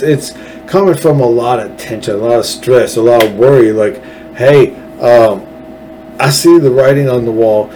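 A man's voice: medium pitch, darkish tone, slight background noise, poor audio. Angry man ranting on his podcast. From Texas. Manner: heated, blunt, swears freely. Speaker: podcast host. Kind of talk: angry political rant.

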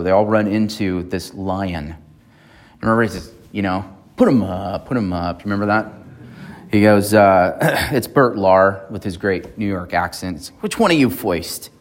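Low-voiced man preaching conversationally. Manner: conversational, checks in with the congregation. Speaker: pastor. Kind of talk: sermon. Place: church.

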